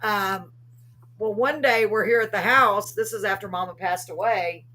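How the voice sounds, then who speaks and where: A woman hosting a live chat show, telling ghost stories in a lively way and acting out what she said back then. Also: medium pitch, normal speed. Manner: animated storyteller, acts out her own past words. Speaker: host.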